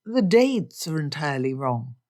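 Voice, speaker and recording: A woman reading an audiobook, voicing a wry, formal young gentleman in a measured, understated way. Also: low voice, sing-song. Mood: lecturing. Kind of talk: audiobook character voice.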